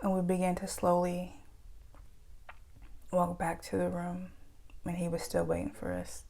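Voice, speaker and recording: A woman's voice: fairly low pitch, completely flat delivery, measured pace, dark tone. A woman telling her own true ghost story in a vivid present-tense retelling, with casual fillers. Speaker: eyewitness storyteller.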